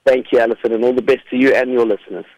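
A man, a rabbi being interviewed, speaking earnestly and haltingly with many restarts. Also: mid-range voice, fairly even intonation, a little mellow, no room sound, muffled recording. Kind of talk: interview conversation.

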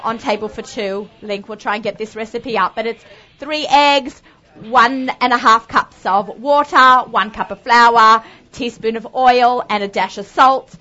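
A woman's voice: fairly high pitch, sharp tone. An Australian woman hosting a live cooking demonstration, talking chattily and upbeat with lots of asides. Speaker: cooking show host. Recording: dull lo-fi sound.

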